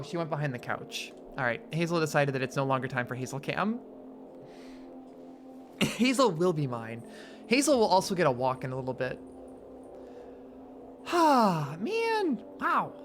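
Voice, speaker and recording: A woman chatting casually on a live stream, excitable and swearing freely, cooing at her dog between thank-yous. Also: deep voice, moderate pace, pauses often, a little hiss or hum.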